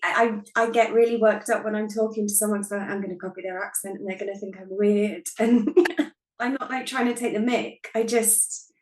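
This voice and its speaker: A woman's voice: medium pitch, fairly even intonation, fairly quick, reverberant, noisy background. A British woman guesting on a podcast, talking casually and laughing at herself. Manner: talkative, giggly, self-deprecating.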